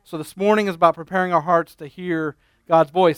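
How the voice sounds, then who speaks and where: Man, pastor, folksy storyteller, unhurried with fillers, dry close sound, smooth clear voice. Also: on the high side, steady tone, fairly bright tone, no echo. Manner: folksy joke-telling storyteller; unhurried, with frequent ums and restarts. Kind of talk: sermon with humorous stories.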